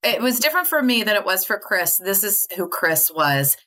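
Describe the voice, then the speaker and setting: A woman's voice: medium pitch, sing-song, normal speed, pushed and bright. A woman guest telling personal stories in an earnest, chatty way, full of likes and you knows, often breaking into laughter. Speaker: podcast guest. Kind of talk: candid conversational storytelling.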